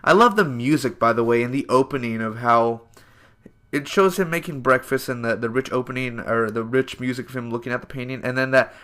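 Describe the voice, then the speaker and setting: A man's voice: mid-range voice, brisk, fairly bright tone. A man in his twenties giving a casual spoken review of a TV episode, loose and rambling with lots of fillers and self-corrections. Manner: enthusiastic, addresses viewers as "man" and "guys".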